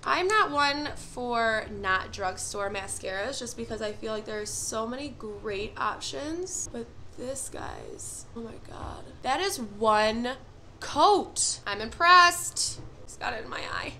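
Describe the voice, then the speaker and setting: A young woman with a bright, somewhat high voice talks straight to her camera at home. She gushes and exclaims as she tries makeup in a casual first-impressions review. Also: unhurried, hardly any pauses, a little hiss or hum. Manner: gushing, excitable, exclamatory. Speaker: beauty vlogger.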